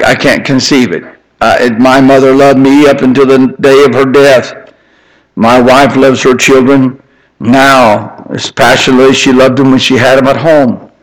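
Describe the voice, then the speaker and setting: An older man delivers a passionate sermon, rising to loud, forceful climaxes before sinking into gentle, tender storytelling. The audio quality is poor.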